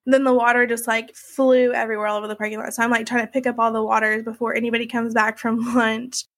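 A woman's voice: on the high side, level tone, fast, a bit bright. A young woman recounting a personal ordeal in a conversational way, full of "like" and "you know". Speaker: interviewee recounting her experience. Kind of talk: emotional personal storytelling.

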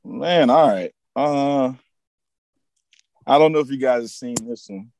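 A man co-hosting a casual podcast chat, an animated storyteller who laughs often and acts out movie lines. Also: mid-range voice, measured pace, no room sound. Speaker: podcast co-host.

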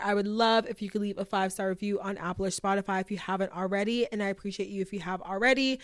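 A young woman hosting a podcast in a casual, upbeat monologue, talking straight to her listeners and saying "like" often. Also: medium pitch. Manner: chatty and upbeat, fond of filler "like"; encouraging, addresses listeners directly. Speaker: podcast host.

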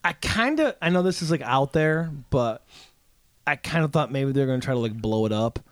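A man's voice: medium pitch, lively intonation, moderate pace, smooth, dry recording, clean studio sound. A man co-hosting a comedic podcast who rambles, says "like" a lot and swears. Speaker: podcast co-host. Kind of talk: casual comedic chat.

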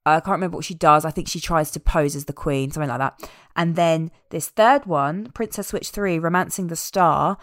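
A woman chatting casually as a podcast co-host, animated and amused as she recaps a film. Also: low voice, a little fast, hardly any pauses, no room sound, studio quality. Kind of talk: casual chat.

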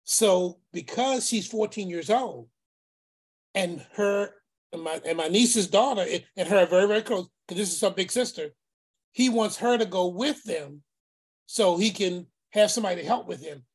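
Storytelling man, lively voices. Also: sits high, moderate pace, husky. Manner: animated, acts out voices, repeats phrases; preacherly, speaks of faith. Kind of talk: casual storytelling.

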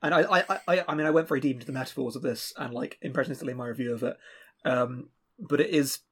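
A man with a husky voice chatting casually about a film, animated and laughing often, with many restarts. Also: mid-range voice, racing, a little hiss or hum.

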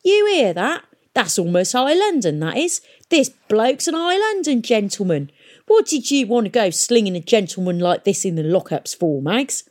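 A woman reading a storybook aloud and voicing a rough, volatile male pirate mayor with crude working-class speech. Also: medium pitch, animated, moderate pace, hardly any pauses, mellow, lightly acted. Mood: blustering.

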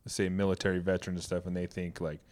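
A man's voice: deep voice, monotone, fast talker, a little mellow. A man chatting candidly on a podcast, earnest and swearing freely as he tells a personal story. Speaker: podcast co-host. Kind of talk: casual podcast chat. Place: Boise, Idaho.

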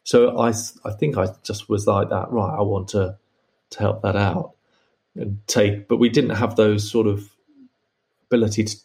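Man, lowish voice, guest recounting his music days with animated storytelling. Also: normal speed. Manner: storytelling, acts out quoted voices. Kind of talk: animated anecdote.

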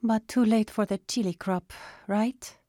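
A woman narrator voicing an anxious woman who speaks in a high, wavering voice. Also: fairly even intonation, unhurried, mellow, no room sound, studio quality, close to an everyday voice.

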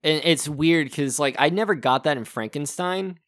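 A man co-hosting a casual film podcast, animated and opinionated. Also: a little high, moderate pace. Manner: animated, opinionated, puts on mock movie voices. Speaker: podcast co-host.

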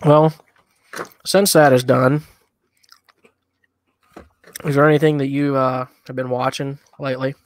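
A man's voice: mid-range voice, flat delivery, a little slow, pauses often. A man co-hosting a casual podcast, chatting in an easygoing, rambling way while eating hot wings. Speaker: podcast co-host.

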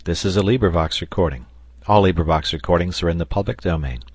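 A man from South Carolina narrating a classic adventure novel in a measured, even reading. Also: deep voice, breathy edge, no echo. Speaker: audiobook narrator. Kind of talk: volunteer audiobook narration.

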